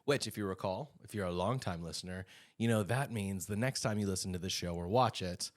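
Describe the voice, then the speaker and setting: A man's voice: low-pitched, fairly quick, no echo, clean studio sound. A young man co-hosting a podcast in casual chat, playful and joking. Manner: playful, puts on a radio announcer voice at times. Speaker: podcast co-host.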